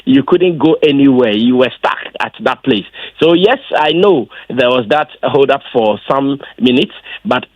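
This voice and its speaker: Excited man, dull dry recording. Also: unhurried, no echo. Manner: emphatic storyteller, voice jumps high when excited. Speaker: event organizer interviewed as guest. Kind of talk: casual interview answers.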